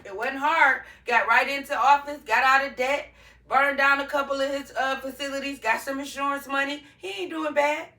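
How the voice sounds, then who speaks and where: A woman with a bright, fairly high voice lays out her opinions in easy chat and laughs often. She sits away from the mic in an echoey room. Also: fairly even intonation, normal speed, far from the mic. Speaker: podcast co-host. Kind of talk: casual chat.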